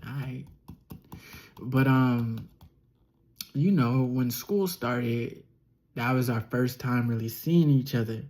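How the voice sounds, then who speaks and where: A young man telling a personal story as a relaxed podcast monologue, slightly nasal and often chuckling or trailing off. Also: medium pitch, slow pace. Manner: laid-back, chuckling, trails off with ums. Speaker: podcast host.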